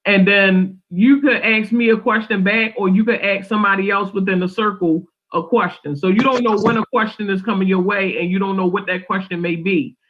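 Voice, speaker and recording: High-pitched male co-host, rambling casual explainer, muffled lo-fi call. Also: fairly even intonation, a little fast, few pauses. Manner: rambling, repetitive explainer, swears freely. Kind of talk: casual group chat. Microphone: remote call.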